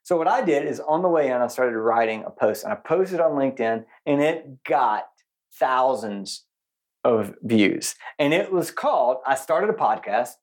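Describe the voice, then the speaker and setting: A man's voice: medium pitch, moderate pace. A man co-hosting a podcast in casual chat, telling self-mocking stories and stressing unusual words. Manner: animated storyteller who stresses unusual words; self-mocking, laughs often. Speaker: podcast co-host.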